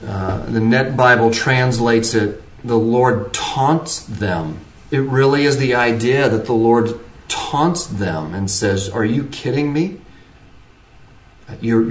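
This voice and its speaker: A man preaching an earnest sermon, pressing his points with shifting emphasis and frequent restarts. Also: mid-range voice. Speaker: pastor. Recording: roomy, distant from the mic.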